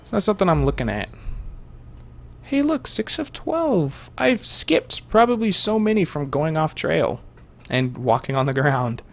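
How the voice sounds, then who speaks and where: A man's voice: on the high side, big pitch swings, a little slow, gravelly. A young man giving rambling, jokey let's-play commentary to his viewers as a gaming host.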